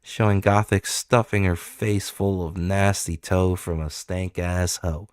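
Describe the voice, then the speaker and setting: A man's voice: low voice, fairly even intonation, unhurried, clean tone, dry recording, clean studio sound. A man hosting a casual stream chat, crude, blunt and joking.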